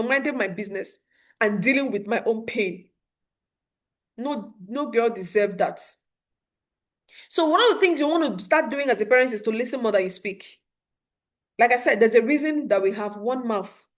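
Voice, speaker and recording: A young adult woman, coaching parents in a live webinar talk, earnest and quick to laugh. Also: sits high. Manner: acts out calm soothing quotes.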